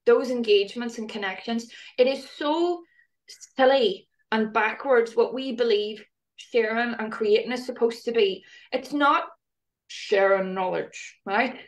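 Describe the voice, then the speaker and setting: Woman, higher-pitched, animated, chatty, casual conversation, quick laughs. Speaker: guest.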